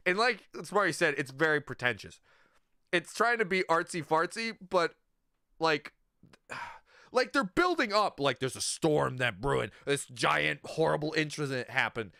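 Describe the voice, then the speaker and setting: Streamer, male, higher voice, fired-up profane rant, dry close sound. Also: moderate pace, gravelly, dry recording. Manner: animated, profane, exasperated ranting. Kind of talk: ranting livestream commentary.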